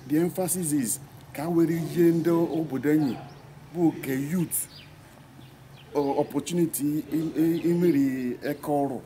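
A man explaining a community training program in an unhurried manner, mixing Igbo with English. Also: fairly high pitch, steady tone, mellow, slight background noise. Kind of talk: community speech.

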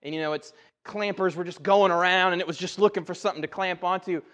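Pastor, high voice, reverberant church. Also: male voice, fast. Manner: folksy, animated storytelling with rising excitement. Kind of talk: conversational sermon with personal stories. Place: church sanctuary. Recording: dull sound with long hall reverb.

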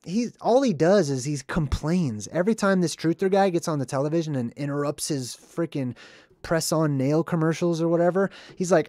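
A man's voice: fairly high pitch, darkish tone, no echo. Earnest male movie commentator, dry sound. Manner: earnest, emphatic, drawn-out stresses on key words. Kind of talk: casual commentary on a film.

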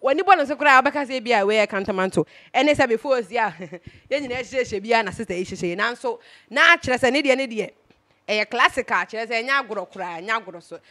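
A Ghanaian woman talking through celebrity gossip in a casual, emphatic way, sliding between Twi and English. Her voice sits a little high. She keeps an easy, chatty flow as the host. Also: fast, bright, forceful tone.

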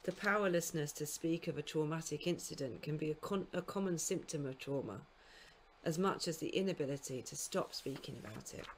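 A woman giving a recorded literature lecture to school students, explaining in a measured way and now and then correcting herself mid-phrase. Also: low-pitched, slight background noise. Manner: speaks scansion aloud in sing-song beats. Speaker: university lecturer.

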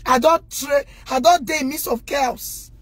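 A woman with a Nigerian accent in an impassioned rant to the camera, scolding loudly and indignantly and addressing her viewers directly. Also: high voice, a little slow, dry recording.

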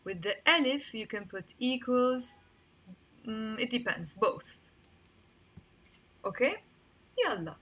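Lebanese woman teaching, slightly high voice. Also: animated, takes it slowly, pauses often, a bit bright. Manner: explains patiently, repeats words for practice. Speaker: language teacher. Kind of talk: casual online language lesson.

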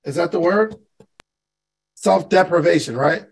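This business coach hosts a live call and talks unhurriedly in a high, creaky voice, the audio quality poor. His motivational message stays conversational; he puts questions to the listeners and says things again to drive them home.

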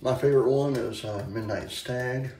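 A man casually talking through his shave, rambling and halting with lots of fillers and restarts. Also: medium pitch, a little mellow, far from the mic. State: hiccups. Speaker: shaving video host. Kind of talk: casual shaving vlog talk. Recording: echoey room, mic set back.

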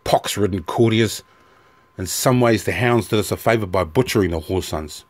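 A man's voice: fairly low pitch, normal speed, breathy edge. Man voicing a bitter, sneering soldier. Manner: sneering and resentful. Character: bitter, scornful male Legion officer.

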